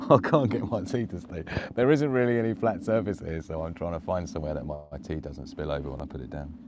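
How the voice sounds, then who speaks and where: A man's voice: low voice, moderate pace, background noise. A man live-streaming casual chat outdoors in the woods at night, laughing often and cooing at his dog. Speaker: prepper vlogger.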